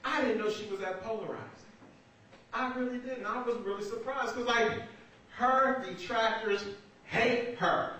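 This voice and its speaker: A man's voice: very high voice, fairly even intonation, moderate pace. A man doing a stand-up comedy set in a small theater, talking conversationally and laughing through his punchlines. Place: small theater stage with audience. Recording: roomy echoey far-off amateur recording with loud noise.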